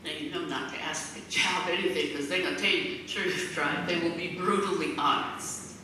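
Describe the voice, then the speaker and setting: A woman's voice: fairly low pitch, fairly even intonation, normal speed, pushed and bright, slight background noise. A middle-aged woman giving a heartfelt, folksy talk as a guest speaker, slipping into the voices of the people she quotes. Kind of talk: storytelling speech. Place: large meeting hall. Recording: echoey hall from far off.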